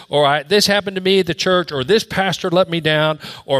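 A male pastor preaching a sermon to his congregation, rising to loud emphatic peaks and dropping to quiet, low asides. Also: moderate pace, few pauses. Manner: dynamic preaching, swinging from loud high peaks to soft low drops. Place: church.

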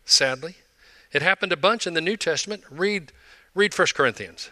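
An older male pastor in his sixties preaching with an emphatic, conversational delivery. His voice sits a little high and sounds strikingly bright and forceful, and the recording is close and dry. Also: lively intonation, normal speed, dry recording. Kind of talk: sermon.

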